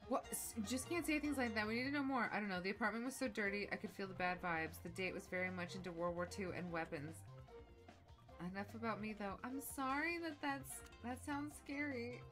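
A young adult woman chatting casually with viewers while playing a video game, animated and quick to exclaim. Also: mid-range voice, soft background music. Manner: animated, shrieks when excited, drops soft when focused. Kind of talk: casual let's-play commentary chatting with chat.

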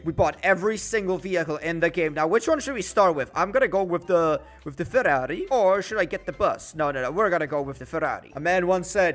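A young man giving jokey, excitable gameplay commentary with dramatic outbursts. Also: fairly high pitch, brisk, few pauses. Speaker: gaming YouTuber. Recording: faint music behind.

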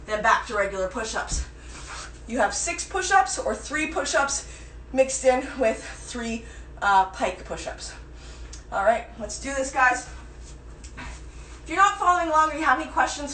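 A woman fitness instructor leads a live-streamed workout class, counting reps and calling out form cues. Her voice sits high, and she is out of breath at times. She is recorded from across an echoey room. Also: fairly bright tone, distant mic, a little hiss or hum. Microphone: phone camera at a distance.

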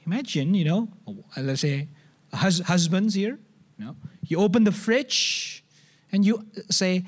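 A man with an Indonesian accent delivers a church sermon in an animated, chatty way. His voice sits high for a man, and he often restarts phrases and acts out little scenes to make his point. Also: a little slow. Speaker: pastor. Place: church service.

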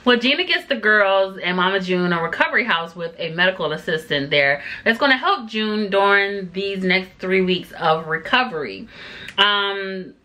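A woman's voice: mid-range voice, expressive, moderate pace, sharp tone. A woman giving a casual, chatty recap of a TV episode, full of fillers and sassy asides. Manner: sassy, talks back to the people on the show. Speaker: TV show reviewer.

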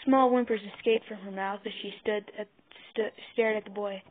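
A woman reading a fan fiction story aloud, halting and restarting over words, on a tinny phone-like mic. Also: mid-range voice, steady tone. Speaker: narrator.

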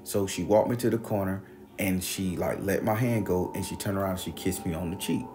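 A man with a fairly low voice recounts a ghost encounter in loose, rambling conversation. He swears freely and gets animated as he retells the exchanges, with faint background hiss. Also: a little fast. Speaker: storyteller. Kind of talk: casual spoken ghost story.

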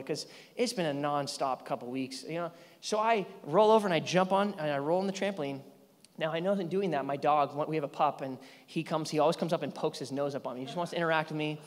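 Man, thirties, pastor, sermon, animated storytelling, slightly high voice, church hall reverb. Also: fast. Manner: animated storytelling, yelling and laughing at his own story.

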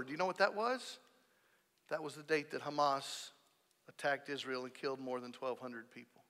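A man preaching a sermon as pastor, emphatic, rising to loud stressed peaks. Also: mid-range voice, moderate pace, long reverb tail. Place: church sanctuary.

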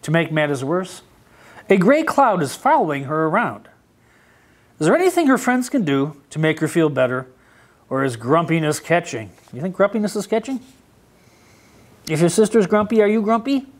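Animated man reading a story to kids. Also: fairly high pitch, normal speed, pauses often. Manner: animated, asks children questions. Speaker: mayor reading to children. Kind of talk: children's storytime read-aloud. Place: library.

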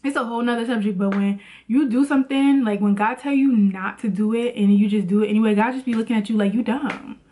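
A woman's voice: fairly high pitch, quick pace, mellow. A woman vlogging in a casual motivational talk about faith, chatty and preachy, with lots of "like".

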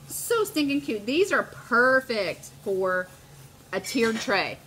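A woman's voice: on the high side, very animated, slow, bright, forceful tone, slight background noise. A middle-aged woman hosting a live crafting demo, bubbly and gushing as she chats with her viewers. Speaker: host of a live crafting stream.

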